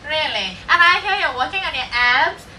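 A woman's voice: very high-pitched, expressive, fairly quick, pushed and bright, reverberant. A young woman playing a radio host in a comedy skit on a college stage, giggly and teasing. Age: young adult. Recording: far-off stage mic with crowd noise.

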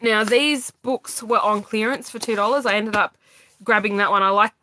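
A woman's voice: mid-range voice, normal speed, pushed and bright, a little hiss or hum, poor audio. A woman chatting casually as a craft vlogger at home, laughing easily and teasing. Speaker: craft vlogger showing a haul. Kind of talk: casual chat.

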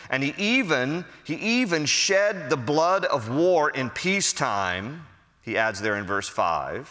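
A man, a pastor, giving a verse-by-verse Bible teaching in a conversational, animated storytelling manner. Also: fairly high pitch, takes it slowly. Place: church sanctuary. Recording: long hall reverb.

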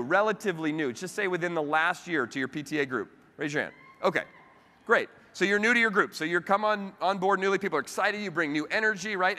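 A man with a bright, fairly high voice delivers a motivational keynote from a stage. He tells stories with animated asides to the audience, and his words ring out with a long hall reverb. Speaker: keynote speaker. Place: large convention hall.

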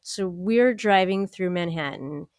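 A woman with a fairly low voice recounts a story in loose, casual podcast chat. She is animated, peppers everything with "like," and acts out the people she quotes. The sound is dry and close to the mic. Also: unhurried, dry recording. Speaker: podcast co-host.

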